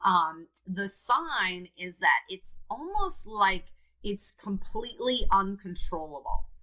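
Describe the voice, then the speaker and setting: A woman's voice: mid-range voice, animated, slow, pushed and bright, low-quality recording. A woman, a support coach, talking earnestly and candidly to camera about her own experience. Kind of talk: direct-to-camera personal talk.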